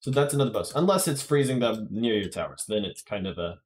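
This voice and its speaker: A man's voice: lowish voice, expressive, quick pace, darkish tone. A man giving casual gameplay commentary to his viewers, chatty and often correcting himself. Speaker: gaming YouTuber.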